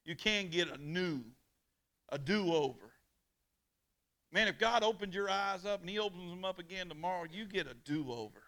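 Male pastor, fairly high and bright, call-and-response sermon, hushed then booming. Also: expressive, normal speed. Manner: call-and-response preaching, swings from hushed to loud. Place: church on a weeknight.

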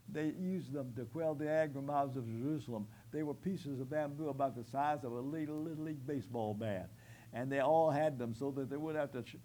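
Man preaching a sermon, mid pitch, paints the scene vividly and keeps swelling into loud bursts then dropping back down. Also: a little hiss or hum, low-quality recording. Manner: vivid storytelling that swells to loud, forceful outbursts.

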